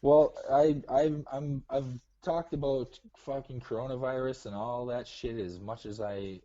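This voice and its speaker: A man's voice: mid-range voice, steady tone, unhurried, warm tone. A man from Minnesota with a Minnesotan accent, calling into a show and chatting casually, laid-back and teasing, laughing often. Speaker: caller. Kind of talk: casual chat. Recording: dull lo-fi call audio.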